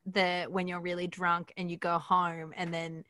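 An Australian woman on a podcast with a bright, forward tone, rambling through her points with lots of restarts and laughs. She sounds dry and close to the mic. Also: on the low side, little pitch movement, dry recording. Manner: rambling, halting, laughs mid-sentence. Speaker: podcast co-host; performer. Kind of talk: casual chat.

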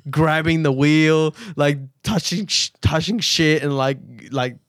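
A man's voice: a little high, fairly even intonation, slow, clear, resonant tone, dry recording, studio quality. A young man telling a long, profane story in casual chat, laughing often and repeating himself. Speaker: podcast co-host.

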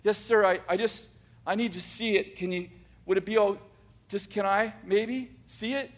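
A jittery teenage boy who trips over his words and stays painfully polite, as a man puts him on. The voice sits high and climbs higher when he gets flustered, and the storyteller gives him an anxious, eager-to-please edge. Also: fairly even intonation, moderate pace, close to an everyday voice. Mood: nervous. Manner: stammering, overly polite. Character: nervous teenage boy, timid and self-scolding.

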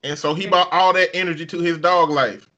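A man with a Southern US accent chats on a comedy podcast. His voice is bright and sits a little high, and he tells animated stories, now and then jumping into loud, high-pitched outbursts. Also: fairly quick, highs cut off. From American South. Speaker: podcast co-host. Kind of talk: casual comedic chat.

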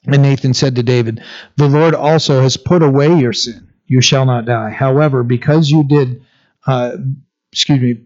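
A man's voice: medium pitch, steady tone, moderate pace, a little mellow. Preaching man, slightly muffled recording. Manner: conversational preaching with fillers and restarts. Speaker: pastor. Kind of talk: sermon. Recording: slightly dull lo-fi sound.

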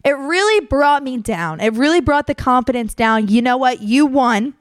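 Speaking at a normal speed, a young woman spins a candid, chatty tale for her podcast, performing the quotes and swearing freely. Her high voice is smooth and expressive, and the studio sound is clean and dry.

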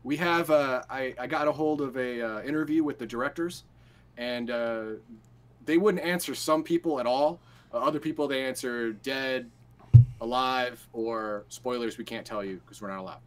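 A man co-hosting a casual comics show, talking in a halting way with many restarts. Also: mid-range voice. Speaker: podcast co-host. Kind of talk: casual chat.

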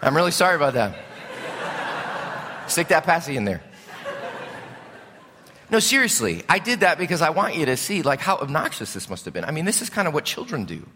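A middle-aged male pastor preaching a sermon in an animated, conversational way, asking his congregation questions. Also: fairly high pitch, fairly quick, pauses often, slight background noise. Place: church sanctuary. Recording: long hall reverb.

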